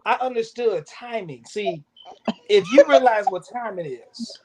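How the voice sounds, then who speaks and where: A man who is a bishop, telling animated stories in casual chat over a video call. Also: unhurried, a crowd in the background, poor audio. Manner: animated storyteller, swooping pitch. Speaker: bishop and pastor.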